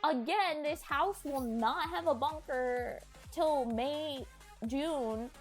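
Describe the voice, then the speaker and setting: A woman's voice: high voice, slow pace, soft background music. A young woman streamer telling a long personal story in a rambling way, full of "like" and swearing. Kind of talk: casual storytelling to stream chat.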